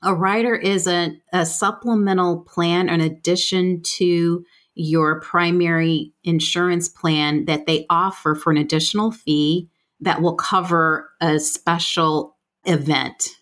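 A woman's voice: on the low side, fairly even intonation, slow pace, fairly bright tone. Frank, plain-spoken woman explaining. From United States. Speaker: healthcare finance expert guest. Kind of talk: conversational explaining.

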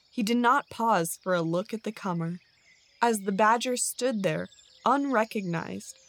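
A woman reading a storybook aloud with measured, expressive narration. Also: mid-range voice, a little hiss or hum.

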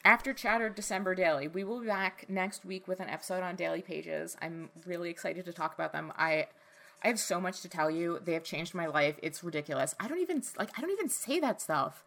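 A woman co-hosting a podcast in casual chat, gushing and excitable, often restarting her sentences. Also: on the low side, brisk, creaky. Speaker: podcast co-host.

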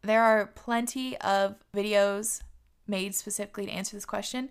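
A woman's voice: medium pitch, steady tone, normal speed, smooth. A woman hosting her own show, answering viewer questions in a candid, chatty way and swearing freely. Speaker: host.

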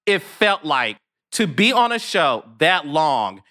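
A man's voice: fairly high pitch, very animated, takes it slowly, bright, forceful tone. A man hosting a podcast interview, talking in an emphatic, theatrical and affectionate way. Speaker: podcast host. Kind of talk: casual interview chat.

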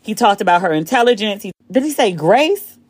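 A woman hosting a casual chat show, talking in an animated way, swearing freely and jumping high in pitch when excited, recorded on her phone. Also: brisk, breathy edge, no room sound. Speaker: podcast host.

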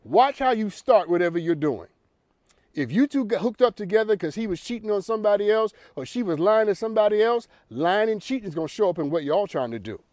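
A man's voice: high-pitched, lively intonation, a little fast, darkish tone, no room sound. A man hosting a talk show, delivering an emphatic, preachy monologue that repeats lines for effect.

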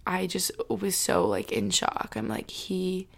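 A young woman in her twenties, a college student telling a personal story to viewers, near tears, talking in a loose, halting way full of "like" and soft breathy asides. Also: on the low side, big pitch swings. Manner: tearful, heavy use of "like", soft breathy asides.

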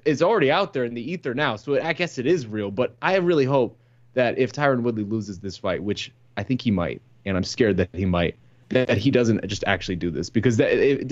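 Joking man, dull lo-fi audio. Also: medium pitch. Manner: animated, joking, restarts mid-sentence. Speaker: podcast co-host. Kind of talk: casual chat.

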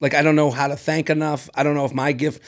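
A man co-hosting a podcast, telling stories in casual chat, animated and laughing often. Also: fairly high pitch, quick pace. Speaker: podcast co-host.

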